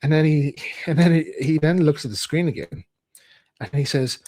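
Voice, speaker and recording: A man's voice: a little high, normal speed, a little mellow. A man streaming, telling a rambling personal anecdote and acting out other people's lines in a raised voice.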